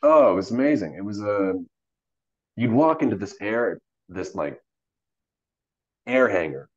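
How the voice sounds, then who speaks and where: A man with a very low voice, speaking as an actor guest in a relaxed interview. He tells stories animatedly, with lots of fillers, and acts out the dialogue he quotes. The recording is muffled and lo-fi. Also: a little slow. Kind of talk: casual storytelling interview.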